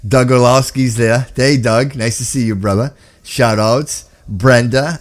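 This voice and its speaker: A man's voice: mid-range voice, normal speed. A man hosting a casual live-stream chat, upbeat and jokey, calling people brother. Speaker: host.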